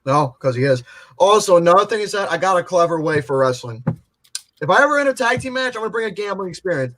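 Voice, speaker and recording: A man's voice: high-pitched, lively intonation, quick pace, fairly bright tone. Boastful man in crude podcast banter. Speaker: podcast host. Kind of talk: casual group banter.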